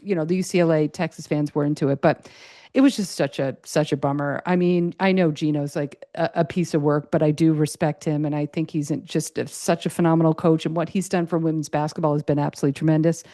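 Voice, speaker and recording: A middle-aged woman hosts her own podcast in a chatty, excitable ramble, full of fillers and restarts. Her voice sits low for a woman. The sound is close and dry, with no room around it. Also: fast, no echo. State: a little choked up, tired. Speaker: podcast host. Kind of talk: casual solo podcast chat.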